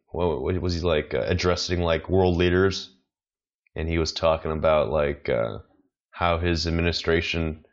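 Low-voiced man rambling through a comedy podcast. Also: dull audio. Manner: meandering, chuckles at own jokes, many "you know"s. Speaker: podcast host, amateur comedian. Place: apartment in China.

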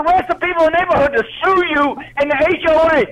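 A man with a very high voice rants down a phone line. He swears constantly and cuts the other speaker off. He hammers the same complaints over and over. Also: steady tone, fast, fairly bright tone. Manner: furious, swearing, repeats himself. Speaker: prank call target. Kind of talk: heated phone argument.

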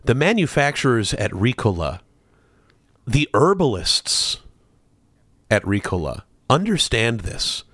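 Comedic male podcast co-host, playful mock-earnest read, very animated pitch, dry studio sound. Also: no room sound. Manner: playful mock-earnest delivery, drawn-out words. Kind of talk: comedic podcast banter reading a sponsor spot.

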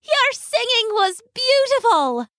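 A woman voicing a group of tiny, kindly glowing fairies in a storybook, speaking sweetly and warmly. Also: very animated, takes it slowly, no room sound, studio quality, full character voice. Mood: gentle. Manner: sweet, high, welcoming.

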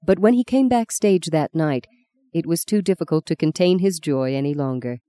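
Woman, audiobook narrator, measured storytelling, low dark voice, dry close mic.

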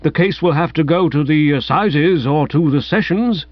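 A man's voice: a little high, normal speed, no echo, lightly acted. A man voicing a fussy, pompous old magistrate who blusters indignantly in an audiobook. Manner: blustering, querulous. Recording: dull, dry, lo-fi sound.

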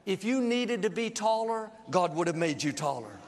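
A man's voice: high voice, lively intonation, moderate pace. A male pastor preaching a sermon with jokes in a large church, upbeat and leading the congregation in call-and-response.

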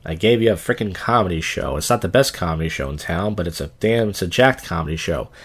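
A man's voice: low-pitched, expressive, fast, a bit bright, breathy edge. A man hosting his own podcast, telling stories in a loose, crude, self-deprecating ramble. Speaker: podcast host. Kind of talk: casual rambling monologue.

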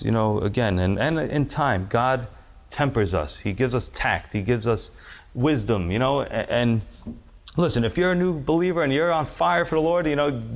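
A man preaching a sermon in a loose, conversational way, full of fillers and restarts, dropping low and slow to stress a point. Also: gravelly. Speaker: pastor.

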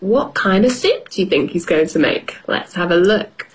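A woman teacher reading a storybook aloud to children, expressive and asking them questions as she goes. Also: lowish voice. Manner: slow, expressive, asks the listener questions. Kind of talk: storybook read-aloud lesson.

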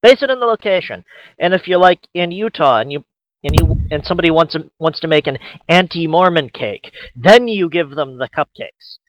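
A man with a slightly raised pitch rambles and jokes through a casual podcast chat, stopping and restarting as he goes. The sound is dull and lo-fi, close and dry with no room around it. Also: lively intonation, moderate pace, no echo. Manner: rambling and joking, with restarts and mock quotes. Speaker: podcast co-host.

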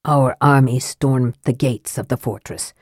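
A stern, haughty knight with a formal, commanding manner, as a woman voices him. The voice drops low and a little distant compared with her narration, in a dry, close audiobook recording. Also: a little slow, darkish tone, slightly rough, dry recording, heavily acted. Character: stern, proud old-fashioned knight and prince.

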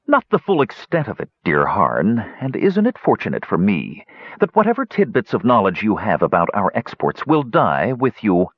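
A man voicing a cruel hunchbacked male dwarf savant, silky, mocking and sinister, with a husky voice. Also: lowish voice, huge pitch swings, normal speed, no room sound, dull audio, exaggerated voice.

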